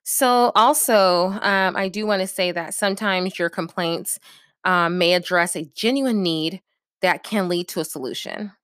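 A woman's voice: fairly low pitch, unhurried, fairly bright tone, clean tone, no room sound, studio quality. Direct, coaching woman giving advice. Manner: direct, coaching, often checks in with "okay?". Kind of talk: casual advice talk to camera.

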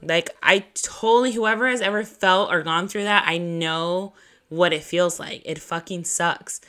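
A woman's voice: on the low side, unhurried, sharp tone. A woman hosting a podcast who tells a personal story in a casual, chatty way. She swears freely, leans on "like", and laughs at herself between lines. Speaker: podcast host.

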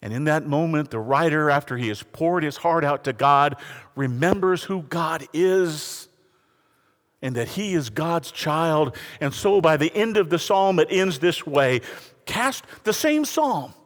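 A man preaching a sermon to a congregation, swinging from quiet, intimate passages to raised appeals and calling on listeners to turn to their neighbors. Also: fairly high pitch, unhurried. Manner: preaching with lively rises and falls, addressing the congregation. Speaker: pastor. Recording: reverberant hall.

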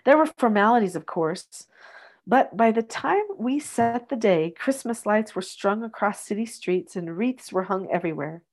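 A middle-aged woman hosting a podcast, reading a story aloud in a gentle, soft-spoken way and chatting afterward. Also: medium pitch, animated, moderate pace.

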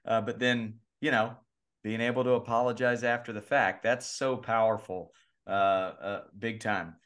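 A man's voice: fairly low pitch, steady tone, normal speed, fairly bright tone. Joking, candid man on a podcast. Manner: jokey and candid, many restarts and fillers. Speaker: baseball coach and podcast co-host. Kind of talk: casual podcast chat.

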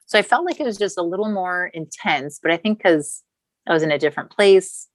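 A woman's voice: fairly low pitch, animated, a little fast, rough recording. A woman in her thirties, a podcast guest, telling a long personal story in a chatty, candid way with casual swearing.

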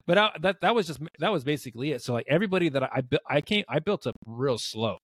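A man's voice: on the high side, expressive, fast talker, a bit bright, slightly rough, no room sound. A man co-hosting a podcast in casual chat, easygoing and rambling, acting out little quotes as he talks. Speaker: podcast co-host.

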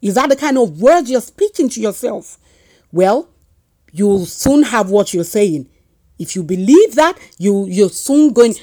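Lively earnest woman preaching. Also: on the high side, dry recording. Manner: earnest, questioning, quotes scripture often. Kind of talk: sermon.

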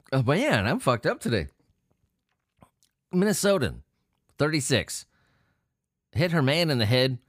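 A man's voice: medium pitch, no echo, studio quality. A man reading odd news stories aloud and joking about them in a casual, profane way, often laughing as he reads. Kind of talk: casual solo commentary on news.

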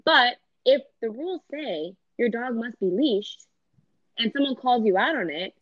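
A woman in casual podcast chat, blunt and animated, swearing freely and acting out quotes. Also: fairly high pitch, unhurried, no echo. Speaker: podcast co-host. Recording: dull lo-fi sound.

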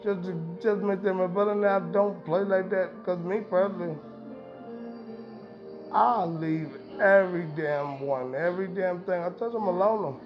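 High-voiced man ranting, profane and emphatic. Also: unhurried. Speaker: podcast host. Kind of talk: casual monologue. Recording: dull lo-fi sound with music behind.

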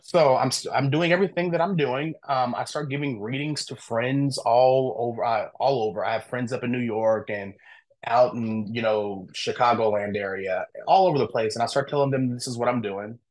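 A man speaks as a podcast guest in a mid-range voice and tells a personal story in a relaxed, informal way. He talks candidly and animatedly, uses plenty of "I'm like" asides, and acts out bits of remembered conversation as he goes. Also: medium pitch, moderate pace. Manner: animated, acts out quoted dialogue.

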